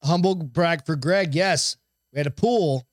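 A man's voice: a little high, unhurried, dry recording, studio quality. A man co-hosting a casual podcast, joking around with profanity and playful teasing. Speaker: podcast co-host. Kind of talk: casual banter. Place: home, moved to Texas from Arizona.

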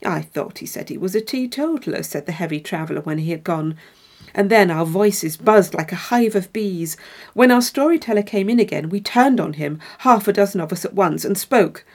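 A woman narrating a short ghost story in a measured, even reading voice. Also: medium pitch. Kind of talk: read-aloud story narration.

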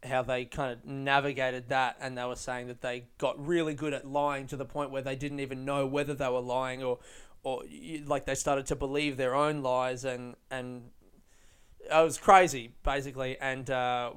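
A man's voice: mid-range voice, flat delivery, normal speed, fairly bright tone, clean tone. A man hosting his own podcast in casual solo chat from a friend's living room, rambling, laughing and swearing freely as he mocks himself. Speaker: podcast host.

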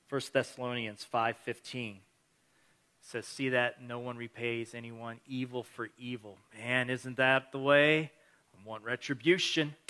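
A man's voice: mid-range voice, bright, forceful tone. A male pastor giving a conversational sermon, earnest and encouraging, mixing scripture reading with everyday stories.

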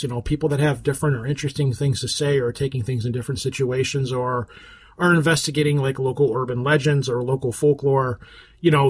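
A man hosting a podcast in casual, rambling chat, often restarting his sentences. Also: medium pitch. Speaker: podcast host.

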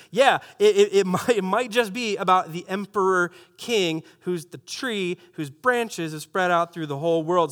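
A high-voiced man preaches to a congregation in a church. He reads scripture aloud and stops often for joking asides to the room. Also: fairly bright tone. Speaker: pastor. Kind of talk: sermon.

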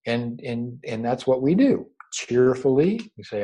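A man giving a spiritual teaching over a video call, unhurried and gently reassuring, often repeating his words. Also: medium pitch, sing-song, slightly rough, low-quality recording. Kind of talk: meditative spiritual talk. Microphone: own microphone over a video call.

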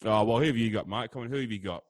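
A man's voice: lowish voice, very fast, no room sound. Chummy man co-hosting a podcast. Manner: chummy, teasing, says "mate" often. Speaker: podcast co-host. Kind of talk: casual banter, reading facts.

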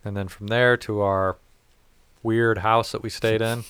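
A man's voice: fairly low pitch, level tone, a little slow, fairly bright tone, smooth, no room sound. A man telling a rambling, profane story in casual chat. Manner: rambling, profane, laughs at his own story.

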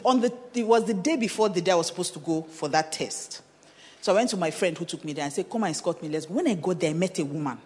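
A woman pastor with a Nigerian accent, preaching a sermon full of personal testimony, telling her story animatedly with laughter, bits of pidgin and bursts of shouting. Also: mid-range voice. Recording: reverberant conference hall.

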